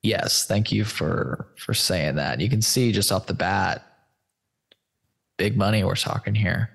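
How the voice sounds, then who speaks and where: A man's voice: fairly low pitch, unhurried, vocal fry, fairly bright tone, breathy edge. A man hosting a casual screen-share chat, loose, stoned and a bit profane as he walks through search results. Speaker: host.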